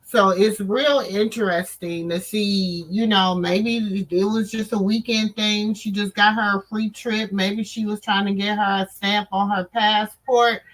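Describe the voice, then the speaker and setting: A woman's voice: medium pitch, fairly even intonation, unhurried, few pauses, low-quality recording. A woman in AAVE giving chatty commentary to her viewers, full of asides.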